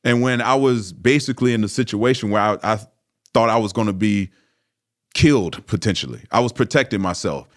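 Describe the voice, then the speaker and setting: Low-voiced man telling a story animatedly. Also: a little fast. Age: 30s or older. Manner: animated, frequent fillers and restarts. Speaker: interview guest, former pro football player. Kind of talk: casual storytelling.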